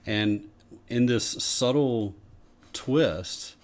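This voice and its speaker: A man co-hosting a podcast, explaining ideas in a measured, casual way. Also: mid-range voice. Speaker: podcast co-host. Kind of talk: casual conversation.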